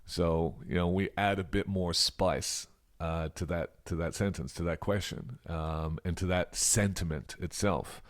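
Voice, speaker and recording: A low-pitched Australian man talks through an English grammar point in a thoughtful, musing way. He leans into key words and sometimes sinks to a hushed whisper to show an example question. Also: fairly even intonation, measured pace. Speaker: English teacher. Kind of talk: reflective grammar lesson.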